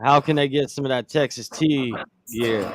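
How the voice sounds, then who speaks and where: A man hosting a live show, asking questions in a relaxed, slangy way. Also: medium pitch, normal speed, a little hiss or hum. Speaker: host. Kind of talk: casual interview.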